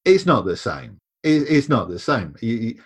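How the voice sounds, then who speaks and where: A man's voice: mid-range voice, sing-song, normal speed, husky. A man speaking as a podcast guest in casual conversation, emphatic, and repeating words when he presses a point.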